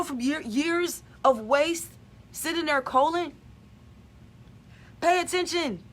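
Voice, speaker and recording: High-voiced woman preaching spiritual release. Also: fairly bright tone. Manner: emphatic, repetitive, preachy. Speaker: spiritual channeler. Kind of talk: spiritual vlog monologue.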